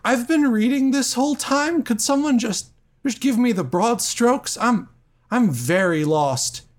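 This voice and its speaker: A man voicing a confused character who has lost track and pleads for a summary, speaking well above his normal pitch. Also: animated, measured pace. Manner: plaintive, confused.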